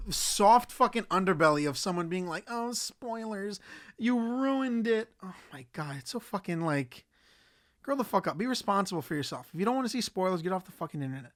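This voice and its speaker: Young man, podcast host, casual solo rant, heavy swearing, exasperated, slightly high voice. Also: a bit bright. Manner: profane, exasperated, ranting.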